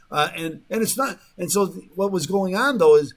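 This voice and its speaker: A man's voice: a little high, fast, few pauses. Rambling man hosting talk radio. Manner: rambling, many fillers and restarts; mocking quoted voices. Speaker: radio show host. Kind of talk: casual talk radio monologue.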